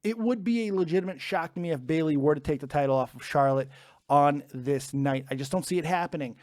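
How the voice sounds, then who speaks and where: A man's voice: fairly high pitch, fairly quick, a little mellow, no echo. A man hosting a live wrestling prediction stream from home, chatty and joking as he reads out the chat. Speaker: wrestling show host.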